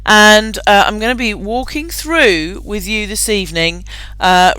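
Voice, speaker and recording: A woman's voice: mid-range voice, unhurried, sharp tone, clear, resonant tone, no echo. A woman hosting a live online webinar. She talks in an upbeat, chatty way, laughs often and uses plenty of fillers. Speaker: webinar host.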